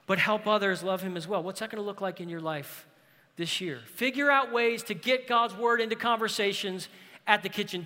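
A man's voice: sits high, pushed and bright. A man preaching a sermon as pastor, earnest and emphatic, with rhetorical questions to the congregation. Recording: reverberant hall.

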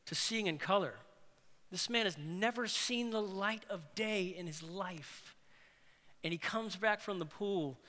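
Animated high-voiced preacher in a hall. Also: male voice. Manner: animated, acts out quoted voices with big pitch jumps. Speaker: pastor. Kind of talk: sermon. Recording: long hall reverb.

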